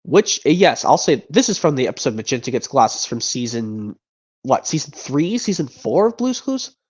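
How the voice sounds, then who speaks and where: Man, streamer, casual rambling talk, repeats himself, mid-pitched, muffled lo-fi sound. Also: sing-song, normal speed, a little mellow, husky. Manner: rambling, restarts and repeats words. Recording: dull lo-fi sound.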